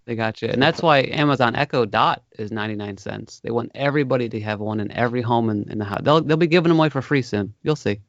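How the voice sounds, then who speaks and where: A man's voice: mid-range voice, fast, few pauses, dry recording. Rambling man podcast host, dry sound. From Ohio. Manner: rambling, lots of "like", animated storytelling. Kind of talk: casual podcast chat. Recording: dry, slightly dull sound.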